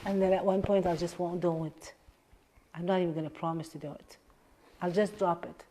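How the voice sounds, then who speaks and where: A woman life coach in a live session, earnestly guiding listeners through a tapping exercise and repeating affirmations and questions, often dropping to a soft hush. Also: on the low side, steady tone, brisk, slight background noise.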